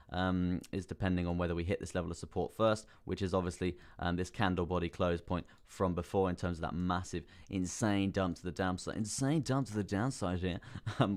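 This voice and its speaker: A man hosting a live crypto stream, talking casually through chart analysis, repeating phrases and calling viewers bro. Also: sits low. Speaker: crypto livestream host.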